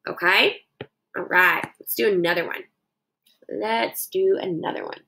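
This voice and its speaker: A woman's voice: mid-range voice, unhurried, vocal fry, pushed and bright, slight background noise, rough recording. A young woman teaching children a phonics dictation lesson, sounding out words syllable by syllable into her phone.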